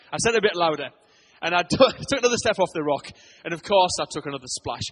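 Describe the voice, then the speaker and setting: A British man, preaching a lively sermon as a church pastor, telling stories and tripping over his words. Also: on the high side, quick pace, husky. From England. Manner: energetic, storytelling, stumbles and repeats words.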